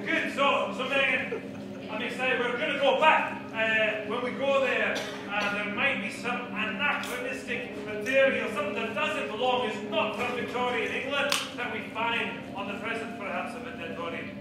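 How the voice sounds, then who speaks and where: A man's voice: very high voice, normal speed, recorded from a distance, noisy background. A man performing improv comedy on stage, chatting playfully with the audience and hesitating with many uhs. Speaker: improv performer setting up a scene. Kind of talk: improv theatre, talking to the audience. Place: theatre stage. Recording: echoey theatre from afar, music and crowd. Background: audience and music.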